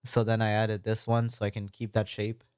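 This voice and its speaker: A man's voice: lowish voice, completely flat delivery, normal speed, a little mellow, clean tone, dry recording, clean studio sound. A man with an American accent, casually narrating his own gameplay with a rambling, apologetic, self-deprecating manner. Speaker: Minecraft building let's-play creator.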